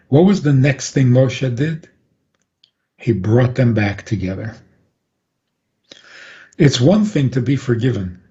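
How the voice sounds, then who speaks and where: A man, a rabbi, calmly explaining on a radio talk program and chuckling often. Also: medium pitch. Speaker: rabbi guest. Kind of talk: radio interview, Torah teaching. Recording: dull lo-fi radio audio.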